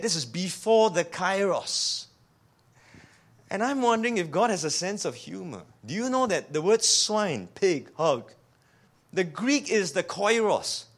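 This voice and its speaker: A man preaching a sermon in a lively way. He keeps asking his listeners rhetorical questions and repeats words when he restarts a sentence. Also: high-pitched. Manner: animated, asks the audience rhetorical questions.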